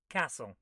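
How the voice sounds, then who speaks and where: A woman hosting a retro gaming stream, reading the game's text aloud and adding wry, dry asides as she plays. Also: sharp tone. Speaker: host of a retro gaming channel. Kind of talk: live gameplay commentary.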